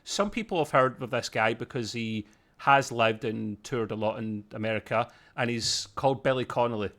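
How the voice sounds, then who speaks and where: A man's voice: medium pitch, moderate pace, fairly bright tone. A man co-hosting a TV review, chatty and self-deprecating with jokes. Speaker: co-host reviewing a TV episode. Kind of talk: casual chat.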